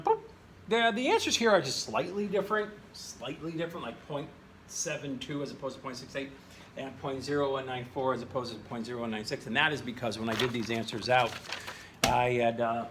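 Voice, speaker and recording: A male chemistry teacher recording a lesson at a whiteboard in his classroom, playful and jokey, often jumping into high exclamations. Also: background noise. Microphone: camera in the room.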